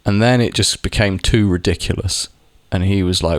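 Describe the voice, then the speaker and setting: A man's voice: low-pitched, moderate pace, dry recording. A young man talking casually to camera, rambling with lots of restarts and the odd swear word. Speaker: vlogger. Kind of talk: casual monologue.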